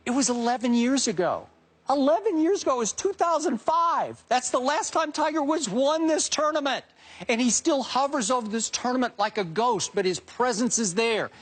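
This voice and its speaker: A middle-aged man on a sports debate show, laying out his picks with emphatic, building excitement. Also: very high-pitched, moderate pace.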